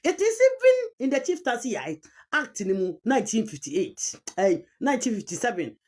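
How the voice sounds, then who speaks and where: Ghanaian woman commentator, argumentative and insistent, higher voice with swinging pitch. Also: big pitch swings, normal speed, a little mellow. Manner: emphatic, repeats key terms, mixes Twi with English. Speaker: commentator on chieftaincy history.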